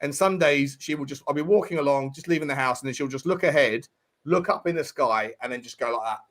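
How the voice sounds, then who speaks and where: A man's voice: mid-range voice, quick pace. A man streaming live, telling rambling stories in casual banter and swearing freely. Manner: swears freely, tells stories with lively quoted voices.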